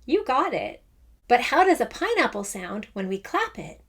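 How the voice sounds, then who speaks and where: A woman's voice: on the high side, sing-song, a bit bright, breathy edge. A woman teaching a children's music lesson, encouraging and chanting rhythm words aloud. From Canada. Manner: encouraging, speaks slowly and sings out rhythm words.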